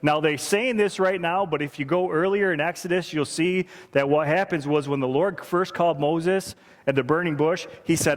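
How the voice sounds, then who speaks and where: A man's voice: on the high side, moderate pace. A man preaching a sermon, earnest and repeating phrases for emphasis. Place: church sanctuary. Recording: reverberant church hall.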